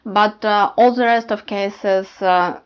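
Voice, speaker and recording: Woman, language teacher, flat delivery, slightly dull recording. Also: medium pitch, takes it slowly, smooth. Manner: explanatory, many hesitations with uh. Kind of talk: casual language lesson.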